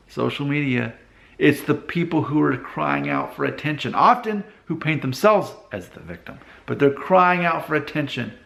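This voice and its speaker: A man in his thirties talks through his advice in a casual, conversational way. His voice sits at a middle pitch. It bounces around the hard walls of a repair shop, which gives it a roomy echo. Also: creaky, fairly bright tone. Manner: conversational, acts out quoted people in exaggerated voices. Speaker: vlogger giving advice. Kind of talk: casual advice monologue to camera. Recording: echoey workshop.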